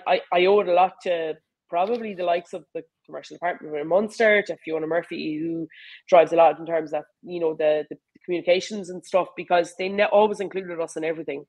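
A woman's voice: lowish voice, rough recording. An Irish woman, a rugby player, talking casually and animatedly in an interview, with lots of fillers. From Ireland. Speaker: rugby player and coach, guest.

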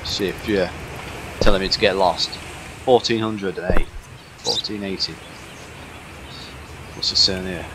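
A man's voice: deep voice, a little slow, long pauses, background noise. A man giving comedic, swearing gameplay commentary in a cocky, mock-tough tone. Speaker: gaming commentator.

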